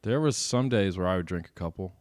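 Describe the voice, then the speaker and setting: A man's voice: low voice, animated, brisk, a little mellow, dry recording, clean studio sound. A young man with a Southern US accent, co-hosting a podcast, telling stories and cracking wry jokes in casual chat. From American South. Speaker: podcast co-host.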